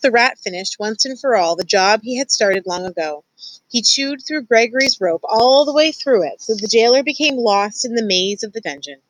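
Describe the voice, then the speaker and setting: A woman's voice: mid-range voice, fairly bright tone, no room sound, poor audio. A woman teacher reading a novel aloud to students, confiding and addressing the listener directly. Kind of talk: expressive read-aloud storytelling.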